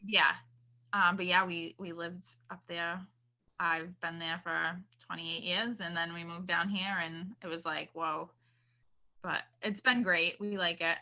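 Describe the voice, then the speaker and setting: Boston woman in her twenties or so, interview guest, bright tone, casual and filler-heavy. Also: lowish voice, steady tone, unhurried. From Boston, Massachusetts.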